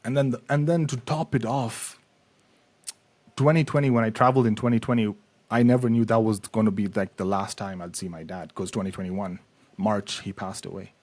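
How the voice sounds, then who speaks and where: A man's voice: lowish voice, steady tone, brisk, darkish tone. A man telling his own story in a casual podcast conversation, subdued, swearing often and trailing off. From Kenya.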